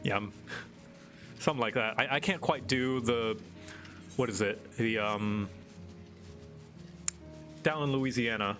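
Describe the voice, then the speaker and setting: A man's voice: medium pitch, unhurried, pauses often, a bit bright, soft background music. A man chatting casually on a live stream, rambling and hesitant as he searches for words.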